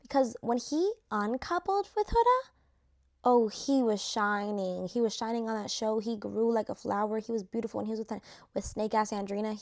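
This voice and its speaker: A woman's voice: medium pitch, a little mellow. A young woman chatting casually to camera while ranking reality show contestants, full of fillers and slang.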